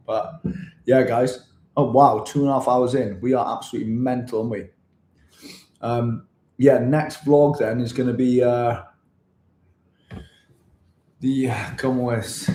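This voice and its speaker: A Welsh man chatting casually with viewers on a livestream, reading out comments and trying out halting Spanish. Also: mid-range voice, a little mellow, roomy sound. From Wales. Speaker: vlogger on a livestream. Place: indoors in Bangkok.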